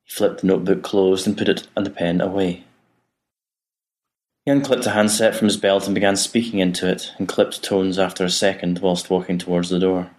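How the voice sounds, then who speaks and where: Man, audiobook narration, measured, very low voice. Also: steady tone, darkish tone.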